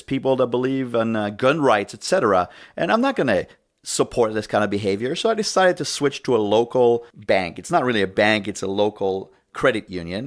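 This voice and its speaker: A middle-aged man hosting a show, giving an emphatic political commentary monologue with indignant rhetorical questions. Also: mid-range voice. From Northern California. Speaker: show host.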